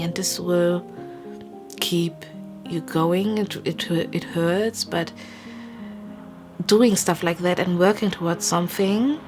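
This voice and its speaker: A young woman in her twenties chatting casually and candidly, rambling through a personal story with fillers and soft whispered asides. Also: lowish voice. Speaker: vlogger. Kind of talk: casual chat. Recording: music playing behind.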